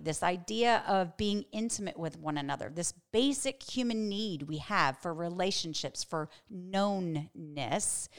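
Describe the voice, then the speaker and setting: A woman hosting a podcast and teaching from the Bible in a conversational way, earnest and emphatic, slowing down to stress key words. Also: on the low side.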